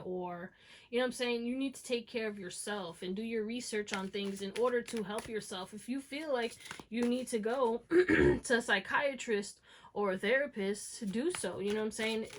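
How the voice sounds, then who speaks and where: Addressing her viewers as "y'all," a woman offers an encouraging, slang-flavored pick-a-card tarot reading, constantly asking "okay?" and "you know what I'm saying?" Her voice is on the high side, with slight background noise.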